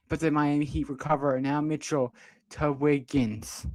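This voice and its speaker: A young man doing amateur play-by-play commentary on a livestream, excitable, with sudden jumps in pitch on big plays. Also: a little fast, dry recording.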